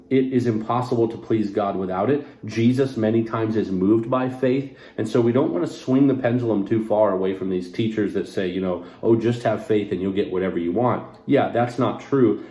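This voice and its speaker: A man's voice: fairly low pitch, dark tone, roomy sound. A man serving as pastor, teaching a short devotional on a Bible passage, earnest and conversational, putting scripture into casual everyday words.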